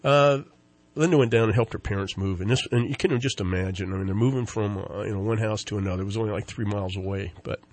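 A man's voice: fairly low pitch, quick pace, darkish tone. A man hosting a local talk radio show, rambling and joking with lots of fillers and restarts. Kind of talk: casual talk radio chat.

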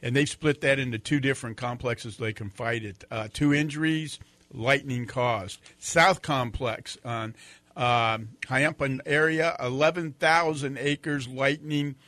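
A male morning radio host speaks in a bright, forward voice, close to a dry studio microphone. He banters casually with his co-hosts. When he reads the news, he pauses often and fills the gaps with "uh.". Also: medium pitch, fairly even intonation, dry recording. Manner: joking, chatty, reads fire reports with fillers.

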